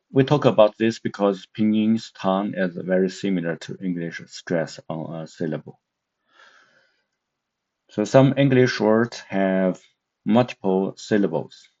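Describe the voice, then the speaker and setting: Slow, deep-voiced language teacher, man. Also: dark tone. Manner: hesitant, many filler sounds. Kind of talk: slow online language lesson. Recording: dull lo-fi sound.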